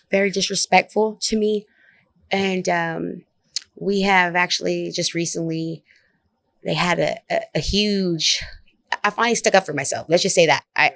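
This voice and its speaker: A woman comedian telling a story in a casual interview, blunt and profane, animated as she talks. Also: medium pitch, no echo. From Oak Cliff, Dallas area, Texas. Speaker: comedian guest.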